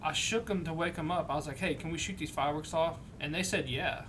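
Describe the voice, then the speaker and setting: A young man telling a story in a casual chat, loose and halting, often restarting his sentences. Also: fairly high pitch, noisy background. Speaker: guest.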